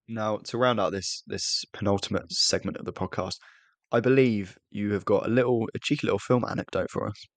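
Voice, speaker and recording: Young British male co-host, gravelly and dry, rambles with restarts. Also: lowish voice, fairly even intonation, fairly quick, dry recording. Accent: British English. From Britain. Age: young adult. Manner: rambling, self-deprecating, restarts often. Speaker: podcast co-host. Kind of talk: casual chat.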